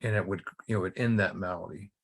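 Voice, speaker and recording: A middle-aged man with a deep, gravelly voice hosts a recovery study group, speaking fast. He tells a story and teaches in a casual, conversational way, often repeating and restarting words.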